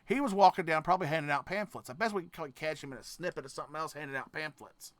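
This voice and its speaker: A man hosting a reaction video, cursing and ranting as he goes, dropping to mutters and then bursting into shouts, often trailing off and restarting his sentences. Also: on the high side, racing, no echo. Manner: profane, ranting, swings between mutters and shouts. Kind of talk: casual reaction commentary.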